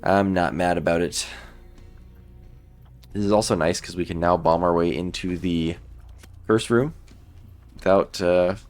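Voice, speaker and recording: Deep-voiced man narrating his gameplay. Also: measured pace, pauses often, faint music behind. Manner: relaxed, thinking aloud while playing. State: sleepy, yawning. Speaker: gaming YouTuber. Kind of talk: let's play commentary.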